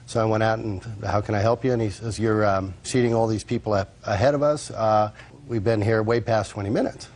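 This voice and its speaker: A man's voice: lowish voice, fairly even intonation, fairly quick, darkish tone. A man testifying as a restaurant manager in a courtroom, matter-of-fact but hesitant and full of fillers. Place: courtroom set.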